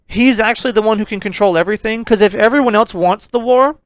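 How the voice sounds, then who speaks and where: High-voiced excitable swearing man. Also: fast, dry recording. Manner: swears freely, laughs often, excitable. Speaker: podcast co-host. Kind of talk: casual movie review chat.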